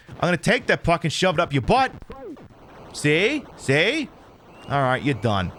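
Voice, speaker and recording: Profane, excitable man trash-talking a game. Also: a little high, moderate pace. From United States. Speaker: streamer. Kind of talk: live gameplay commentary.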